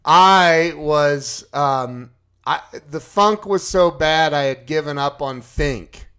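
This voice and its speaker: A man casually telling a personal story to his live chat, animated and acting out his own panic. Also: fairly high pitch, slow, clean tone.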